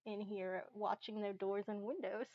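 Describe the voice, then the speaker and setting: A woman's voice: mid-range voice, steady tone, normal speed, no echo, lo-fi sound. A woman running a tabletop game as game master, hesitant with many fillers and restarts.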